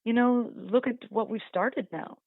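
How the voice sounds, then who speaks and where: A woman's voice: fairly high pitch, a little slow, gravelly, no echo. A woman dog trainer talking casually in a radio interview, chatty and full of "you know", acting out dogs and owners as she explains. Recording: dry tinny phone-like line.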